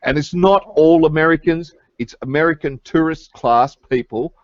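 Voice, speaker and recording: An Australian man, a bit drunk and slurring, chatting casually in an online group call with a halting, rambling manner. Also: a little high, no room sound, lo-fi sound. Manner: rambling, halting, laughs at own jokes. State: tipsy, slightly slurring.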